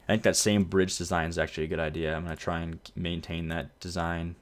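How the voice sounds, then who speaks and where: Low voiced guy chatting thru a city builder game, easygoing, trips over his words n fixes them. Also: fast talker. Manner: relaxed, rambling, self-correcting. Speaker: gameplay video host. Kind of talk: casual let's-play commentary.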